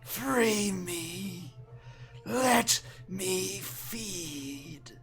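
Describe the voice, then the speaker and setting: A man's voice: high voice, drawn-out words, over music, heavily acted. Male GM doing a whispering, pleading demon for a tabletop game, hungry and desperate.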